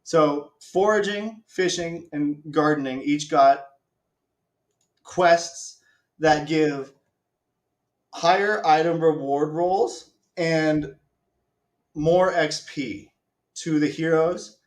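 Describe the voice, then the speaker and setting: A man's voice: on the high side, extremely slow, long pauses, roomy sound. Chatty man demoing a game live. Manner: chatty, self-mocking, swears casually. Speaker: stream host. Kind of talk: casual live-stream game demo.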